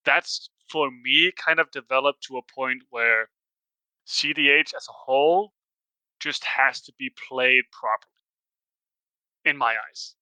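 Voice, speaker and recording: A man's voice: mid-range voice, fairly even intonation, unhurried, bright, forceful tone, clear, resonant tone, no room sound, rough recording. A man with a Danish accent chatting casually as a guest on a podcast, talking things through step by step. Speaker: podcast guest, Commander player.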